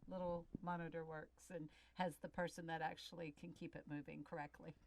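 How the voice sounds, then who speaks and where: A woman on the crew, bantering off camera with the host and teasing him with quick comebacks. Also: low-pitched, little pitch movement. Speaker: crew member.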